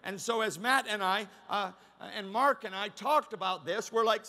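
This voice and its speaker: At normal speed, a man delivers a sermon to a big conference audience. His preaching is full of repeated words and restarts, and it shifts between shouts and a hushed, confiding voice.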